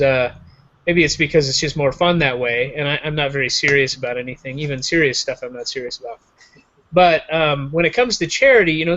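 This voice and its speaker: A man's voice: on the high side, a bit bright. A man hosting a show in a casual joking chat, rambling and self-mocking over a video call. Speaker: show host. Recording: dull lo-fi online call audio.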